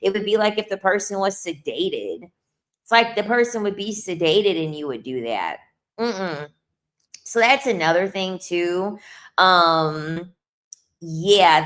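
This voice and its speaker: A woman's voice: on the low side, lively intonation, a little slow, a bit bright. A young adult woman talking straight to camera in a casual monologue, blunt and emphatic, repeating lines for effect with sassy asides. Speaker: video creator.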